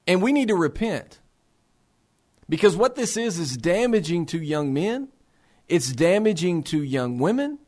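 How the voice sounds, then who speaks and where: His voice sits high and has a darkish tone, very animated yet unhurried. Addressing fellow believers on behalf of a faith-based resource center, he speaks with earnest passion, asking rhetorical questions and repeating words at the start of phrases.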